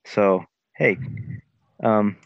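A man's voice: on the low side, steady tone, very slow, gravelly, dry recording, highs cut off. A man playing a tabletop game, talking casually and laughing easily. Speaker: player.

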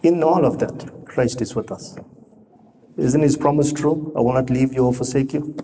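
A man preaches in a church hall with a long, ringing reverb. His voice is mellow and dark. A faint hiss of noise sits under his conversational sermon, which is full of questions to the congregation. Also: mid-range voice, moderate pace.

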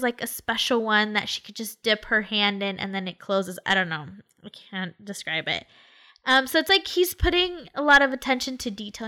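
Woman, bright, slightly high voice, casual animated storyteller full of "like"s and quoted lines. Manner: animated retelling with quoted voices and many fillers. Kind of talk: casual chat retelling a story.

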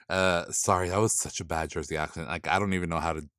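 A sassy man talking through drag runway looks in a casual commentary vlog, his voice sitting on the low side. He is blunt and swears freely, with drawn-out put-downs. The sound is dry and close, with no room around it. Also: fairly even intonation, a bit bright, clean tone, no echo. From not from the East Coast.

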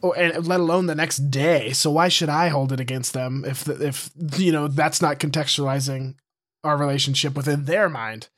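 A young man with a slightly raised pitch talks in loose, casual podcast chat. He rambles and restarts his sentences, telling stories from his own life. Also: fairly even intonation, moderate pace, a bit bright. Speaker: podcast co-host, preschool teacher.

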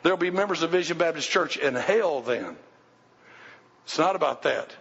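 A man's voice: on the high side, animated, moderate pace, fairly bright tone, slightly rough, in a large hall, muffled recording. A male pastor preaching a sermon, speaking emphatically and putting questions to the congregation. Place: church sanctuary.

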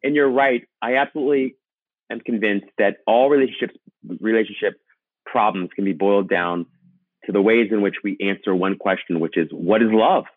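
Male host, reflective and affirming, husky and low, tinny phone sound. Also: fairly quick, no room sound. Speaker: podcast host. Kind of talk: casual interview chat. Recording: tinny phone line, dry.

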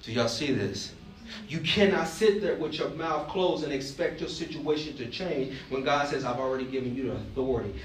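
A man's voice: medium pitch, moderate pace, slight background noise. A man from Alabama, preaching a sermon as pastor, emphatic and joking, asking the congregation questions. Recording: roomy, distant mic, faint ambience.

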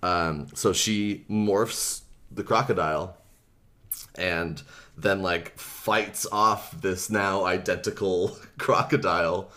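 A man casually recapping a book for a comedy podcast, animated, acting out the characters' lines and laughing often. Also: deep voice, slow pace. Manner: animated retelling, acts out quotes, laughs often, many fillers.

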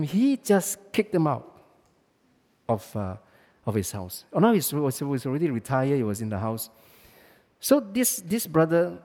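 A man's voice: fairly high pitch, warm tone. A man preaching a sermon, emphatic, with many restarts and fillers. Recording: long hall reverb.

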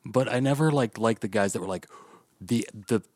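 Deep voiced guy ranting about a movie, cusses a lot, dry close mic. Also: moderate pace, no room sound. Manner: profane, animated ranting. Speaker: podcast host. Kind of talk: casual movie review chat.

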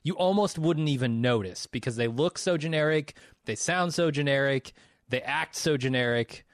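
A man's voice: a little high, normal speed, no room sound, clean studio sound. A man co-hosting a podcast, giving blunt, opinionated movie takes in casual chat and laughing often. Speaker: podcast co-host.

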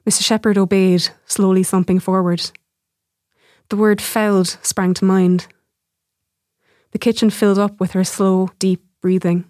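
A woman, an author reading her own short story aloud in a measured, even way. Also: medium pitch, no echo, clean studio sound. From Ireland.

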